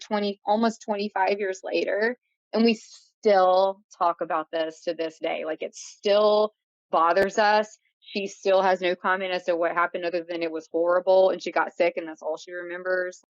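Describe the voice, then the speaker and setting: A woman's voice: medium pitch, no echo. A woman in her late thirties, a guest vividly retelling a story with lots of fillers. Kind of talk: casual interview storytelling. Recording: dull lo-fi sound.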